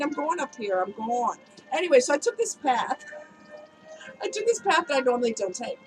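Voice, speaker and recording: Woman vlogger, slightly higher voice, a bit strained from a cold; chatty and open, talks straight to camera. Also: sing-song, moderate pace, soft background music, low-quality recording. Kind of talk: candid personal storytelling.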